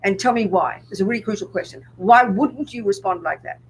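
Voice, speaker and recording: A woman's voice: mid-range voice, fairly quick, a little hiss or hum, low-quality recording. An older woman, a Buddhist nun, giving a public dharma talk and pressing her audience with rhetorical questions.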